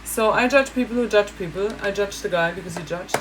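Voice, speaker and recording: Woman vlogger, lively storyteller who laughs a lot, mid-range voice, light background hiss. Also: mid-range voice, a little fast, rough recording. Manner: animated, laughing, acts out other people. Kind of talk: casual monologue.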